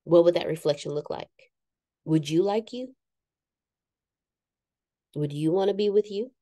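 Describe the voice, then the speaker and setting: A woman's voice: on the low side, unhurried, mellow, no room sound, clean studio sound. A woman giving a frank, self-deprecating motivational talk to a live group, sometimes acting out the voices she quotes. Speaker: speaker addressing a live group.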